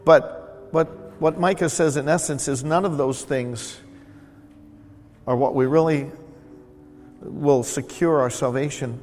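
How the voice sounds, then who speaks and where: A man preaching from the pulpit in a slightly raised voice, speaking plainly and circling back to repeat his key words. His voice carries a long reverb through the church hall, with soft music faint underneath. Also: on the high side. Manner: warm, conversational preaching with repeated emphasis. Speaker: pastor. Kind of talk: sermon. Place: church sanctuary.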